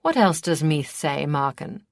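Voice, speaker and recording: A wry desert prince with a lazy drawl and a low voice, as a woman narrator puts him on. Dry and close, read for a fantasy audiobook. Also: expressive, a little slow, gravelly, dry recording, heavily acted.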